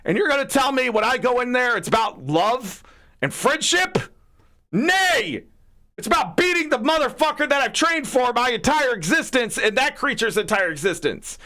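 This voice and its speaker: High, lively, bright-voiced ranting man. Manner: profane, heated ranting with rhetorical questions. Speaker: livestream gaming host. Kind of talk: casual livestream rant.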